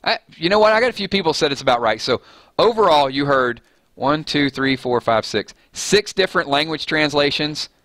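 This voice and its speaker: Bright-voiced rambling stream host man. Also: a little high, animated, moderate pace, dry recording. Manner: rambling, self-deprecating, laughs at his own jokes. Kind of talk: casual live-stream chat.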